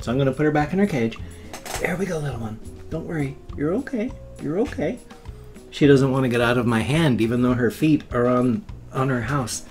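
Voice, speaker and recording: A man in his fifties talking casually in a daily vlog, chatty and affectionate, sometimes cooing to a pet or jumping into high squeaky sounds. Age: 50s. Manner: animated, jumps into high squeaky sound effects. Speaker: vlogger.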